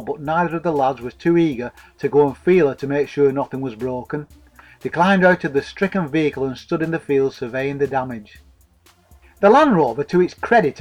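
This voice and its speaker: A man's voice: mid-range voice, a little mellow, poor audio. A man narrating a comic story in a dry, wordy, mock-formal way.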